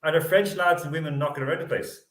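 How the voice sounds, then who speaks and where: Animated man hosting a sports show. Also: fairly high pitch, quick pace, roomy sound. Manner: animated and opinionated, laughs often. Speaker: sports talk show host. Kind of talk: casual panel chat.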